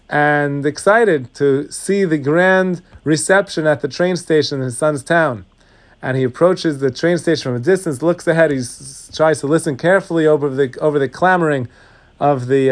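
A man preaching as a rabbi, telling a parable that he acts out, with his voice dropping to hushed tones. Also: fairly high pitch. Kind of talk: sermon with parable.

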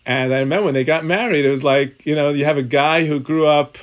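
Higher-voiced man teaching a Talmud class. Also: fast. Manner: thinking aloud, restarting sentences, mixing Hebrew terms into English.

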